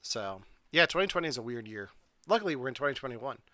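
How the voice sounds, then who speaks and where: A man's voice: medium pitch, very animated, quick pace, sharp tone, dry recording. A man hosting a casual podcast over a video call, running through facts with joking asides. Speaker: podcast host. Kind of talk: casual chat.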